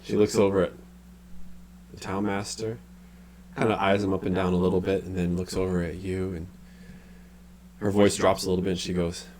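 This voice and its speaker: A man narrating as game master in a relaxed, halting way, full of restarts. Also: deep voice, slight background noise.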